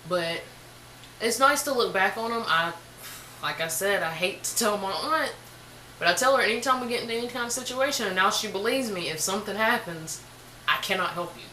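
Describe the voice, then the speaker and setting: A young woman with a bright, forward voice spins a casual storytime in an animated, slangy way. She records on a camera mic in a room at home, with a roomy echo and faint ambience behind her. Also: medium pitch, fairly quick, slight background noise. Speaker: vlogger.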